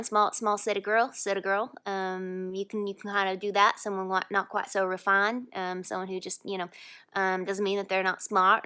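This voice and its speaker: A woman putting on a Texan accent to play a plain-spoken, easygoing small-town woman. She talks in a bright, chatty drawl. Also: medium pitch, smooth.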